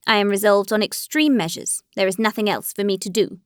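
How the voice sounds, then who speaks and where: A cold and wounded aristocratic husband speaks in measured, formal phrases, read by a woman narrator. Beneath the stiffness there is bitterness. The recording is dry and close-miked. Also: mid-range voice, clean tone, no echo, lightly acted. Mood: bitter.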